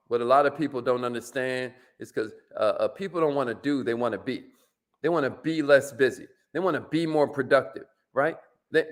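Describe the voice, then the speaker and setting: An energetic man hosts a motivational live stream, greeting viewers by name and pushing them to like and share. His voice sits high for a man. He talks casually and leans on y'all.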